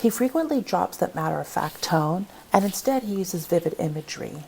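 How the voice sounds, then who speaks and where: A woman's voice: on the low side, animated, brisk, creaky, darkish tone, slight background noise. A woman, a college composition instructor, giving a recorded online lecture and quizzing her students with question after question. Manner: explanatory, asks the class many questions. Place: home, recorded for online class.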